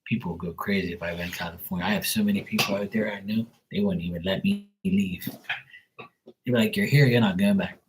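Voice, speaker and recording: On a livestream, a man with a deep, steady voice gives casual, profane tarot readings at a fairly quick pace. He chats loosely and laughs often between cards.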